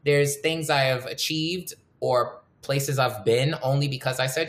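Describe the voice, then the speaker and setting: A woman's voice: very deep voice, unhurried, hardly any pauses, reverberant. A woman hosting a casual podcast, telling personal stories candidly and swearing freely. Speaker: podcast host.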